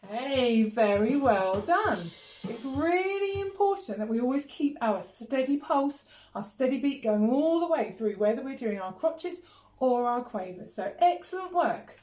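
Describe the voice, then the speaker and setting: A music teacher runs a video lesson, counting beats and chanting rhythms steadily. Her voice is fairly high for a woman, her pace a little slow, and the echo of a bare room surrounds her.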